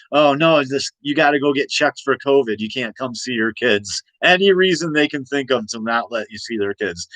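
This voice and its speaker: A man's voice: medium pitch, a bit bright, no room sound, low-quality recording. A man in his forties ranting in a late-night monologue, rambling and agitated with many restarts and repeated questions. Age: 40s. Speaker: host.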